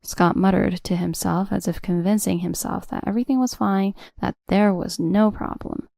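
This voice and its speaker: A woman narrating a first-person revenge drama story in a steady, cold storytelling voice. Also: medium pitch, normal speed, gravelly, no echo, studio quality.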